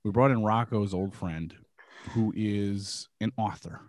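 A man's voice: lowish voice, unhurried. A man hosting a podcast in casual chat, jokey and swearing as he interviews a guest. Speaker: podcast host.

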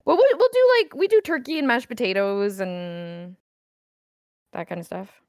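A woman's voice: mid-range voice, wildly swooping pitch, moderate pace, no room sound. A woman from Canada co-hosting a casual comedic podcast chat, blunt and teasing. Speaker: podcast co-host.

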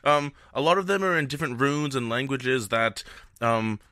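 A man's voice: medium pitch, animated, normal speed, bright, forceful tone, no echo. A man playing his character in a tabletop game, casual and a little hesitant. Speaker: player.

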